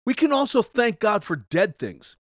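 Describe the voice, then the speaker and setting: A middle-aged man, a pastor, preaching a podcast sermon in an energetic, emphatic way with sudden rises. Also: high voice, moderate pace, dry recording.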